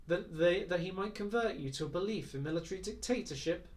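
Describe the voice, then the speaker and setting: A wry, bantering grown man, as a male reader plays him, asking questions with light mockery. The voice is a little higher than average for a man and heard from slightly off the mic. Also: fast talker, far from the mic, close to an everyday voice. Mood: curious. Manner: bantering, gently teasing.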